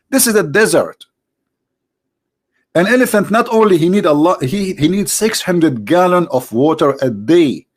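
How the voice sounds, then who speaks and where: Sarcastic man with an Arabic accent. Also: a little mellow. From Middle East. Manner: mocking, theatrical, jumps between high exclamations and low asides. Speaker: live-stream host. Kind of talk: sarcastic monologue.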